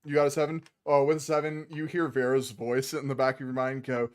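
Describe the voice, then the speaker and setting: A man runs a tabletop game as its game master, describing scenes and calling for dice rolls. He talks in a relaxed, jokey way and reaches for crude humor. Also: mid-range voice, brisk, hardly any pauses. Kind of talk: casual tabletop game narration.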